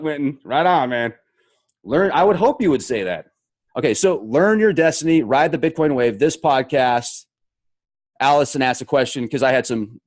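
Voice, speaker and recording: A man hosting his own show, reading out viewer comments and riffing on them in a jokey, mock-dramatic way. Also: on the high side. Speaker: show host.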